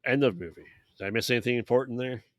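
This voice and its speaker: A man's voice: mid-range voice, very fast. A man co-hosting a podcast, recapping a bad movie in loose casual chat and acting out characters' lines along the way. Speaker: podcast co-host.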